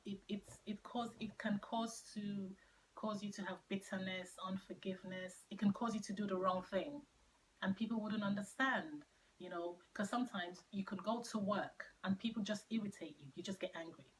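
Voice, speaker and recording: A middle-aged Christian woman shares her testimony in an earnest, faith-based teaching talk, repeating key phrases for emphasis and dropping to near-whispers on painful words. Her mid-range voice has a fairly bright tone and a normal speed, on a rough recording with slight background noise.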